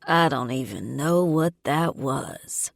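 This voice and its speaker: A woman's voice: sits low, unhurried, darkish tone, dry recording, studio quality. A woman voicing a blunt young biker man. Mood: dry.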